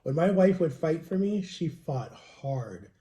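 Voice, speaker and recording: A man's voice: on the high side, very animated, slow, warm tone. A man rambling through a personal story in a casual vlog, in a confiding way. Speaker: vlogger. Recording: roomy, echoey home recording.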